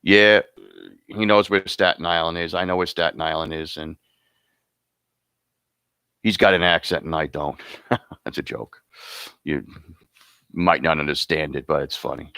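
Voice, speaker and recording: Gravelly low-voiced man hosting awards. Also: steady tone, unhurried, long pauses, pushed and bright, no echo. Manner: rambling and joking, with restarts. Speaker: host presenting awards. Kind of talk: casual spoken award announcements.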